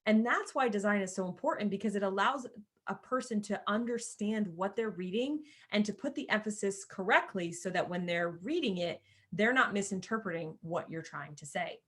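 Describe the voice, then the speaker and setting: A woman's voice: mid-range voice, animated, moderate pace, fairly bright tone. A woman teaching a screen-share tutorial, in a chatty way with casual asides, often calling her viewers "you guys.". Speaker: course creator teaching sales page design.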